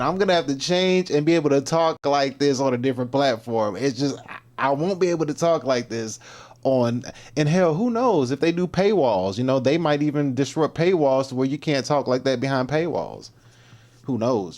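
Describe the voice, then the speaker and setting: A man's voice: medium pitch, a little mellow. Slangy, laughing livestream host man. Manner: loose, slangy, laughing often, repeats himself. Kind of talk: casual livestream commentary.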